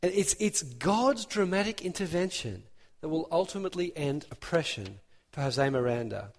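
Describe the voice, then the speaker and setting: Animated male preacher in a reverberant hall. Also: on the high side, moderate pace. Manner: animated, emphatic preaching with rising emphasis. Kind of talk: sermon.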